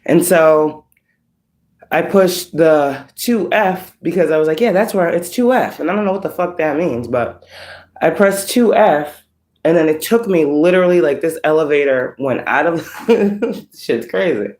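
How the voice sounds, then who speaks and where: A woman, working as a spiritual reader, casually retelling a dream to her online audience in a profane, animated, laughing way. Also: deep voice, measured pace.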